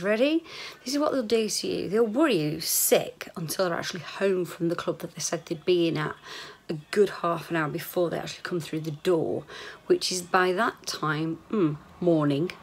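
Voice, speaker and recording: A woman's voice: on the low side, gravelly, a little hiss or hum. A woman, rambling candidly in a chatty video diary, sometimes swearing. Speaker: vlogger.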